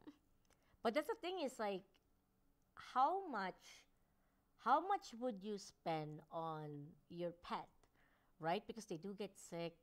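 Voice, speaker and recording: Woman on a podcast, mid-pitch, laughs a lot, tells stories and does little voices for her dog and husband. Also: lively intonation, slow, pauses often. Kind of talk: casual chat.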